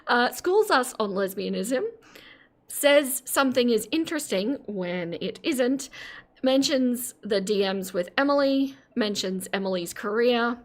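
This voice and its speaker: A woman's voice: on the high side, lively intonation, measured pace. Woman host for live stream commentary; casual, giggly, self-deprecating. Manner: chatty, giggly, self-mocking asides.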